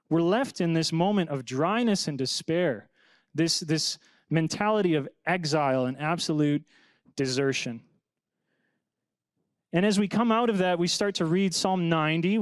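A young man preaching a sermon with a fairly high, smooth and clear voice. He talks to the congregation casually and reads scripture with dramatic flair. The sound is dry and close. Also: no echo. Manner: animated, conversational preaching with dramatic scripture reading. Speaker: pastor.

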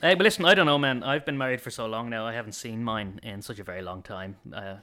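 A man's voice: mid-range voice, quick pace, pushed and bright. An Irish man co-hosting a podcast, chatting casually with a mock-serious, wry humor. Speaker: podcast co-host. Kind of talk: casual chat.

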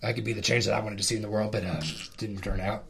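A man's voice: on the low side, level tone, rapid-fire, creaky. A man playing a blustering, paranoid conspiracy talk-show host in an improv comedy bit, rambling earnestly and getting worked up. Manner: rambling, earnest, prone to emotional outbursts.

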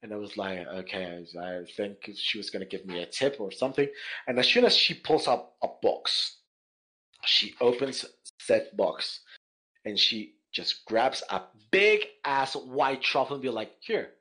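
A man, a chef guest on a podcast, chatting casually and telling animated stories with many repeated words. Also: on the low side, unhurried, low-quality recording. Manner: animated storyteller, repeats words, laughs easily. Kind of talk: casual chat.

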